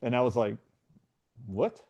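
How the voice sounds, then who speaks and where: A middle-aged man speaks as a guest, retelling his story with earnest animation and slipping into the voices of others. His pitch sits in an ordinary middle range for a man. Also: big pitch swings, measured pace, dark tone, muffled recording. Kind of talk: storytelling in a conversation.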